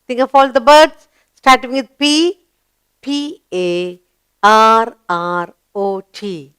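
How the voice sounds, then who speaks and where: A woman's voice: fairly high pitch, expressive, takes it slowly, a bit bright, smooth. A woman with an Indian English accent teaching a children's spelling lesson, spelling out words letter by letter and coaxing the kids with questions.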